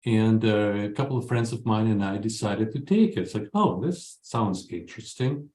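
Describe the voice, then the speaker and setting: A man in his sixties from Ukraine, a guest telling his story in an interview, earnest and halting with many pauses. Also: lowish voice, fairly even intonation, warm tone. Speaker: guest, photographer. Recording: echoey room.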